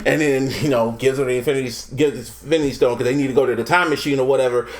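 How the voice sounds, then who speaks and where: A man on a podcast, excitedly retelling a movie with laughs and swearing and acting out quotes. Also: medium pitch, rapid-fire. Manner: animated, laughs often, swears a lot, acts out quotes. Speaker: podcast co-host. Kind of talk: casual chat, retelling a movie.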